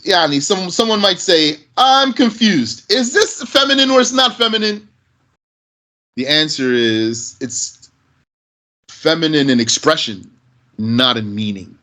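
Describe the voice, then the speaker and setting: A man's voice: a little high, sharp tone. A man teaching Arabic grammar, asking and answering his own questions as he explains.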